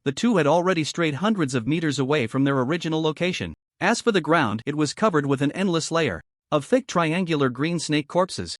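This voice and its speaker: Animated male recap narrator. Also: a little high, dry recording, clean studio sound.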